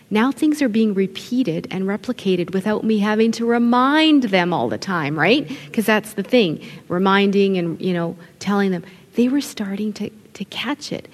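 A middle-aged woman from an Italian family background, who leads children's ministry, gives a conference talk to fellow ministry leaders in a medium-pitched voice. She is expressive and conversational, quoting people in acted voices, with long hall reverb on the recording.

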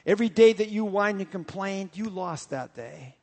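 A man voicing a gentle male Holy Spirit who rebukes softly and steadily. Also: high voice, normal speed. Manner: soft, steady, repetitive rebuke. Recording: long hall reverb.

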